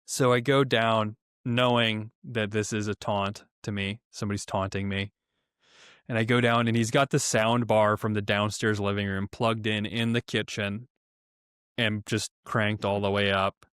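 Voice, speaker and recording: A young man telling a story on a podcast in a casual, profane, animated way, acting out quotes in raised voices. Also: on the low side, a little slow, clear, resonant tone, no echo, studio quality. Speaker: podcast co-host.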